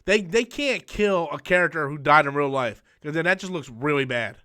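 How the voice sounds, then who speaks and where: A man with a high voice rants through a live-stream chat. He swears constantly and slips into mocking impressions of other people. He is young and talks loosely and off the cuff. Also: animated, moderate pace, sharp tone. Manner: profane, ranting, mocking, with mimicked quotes. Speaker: channel host.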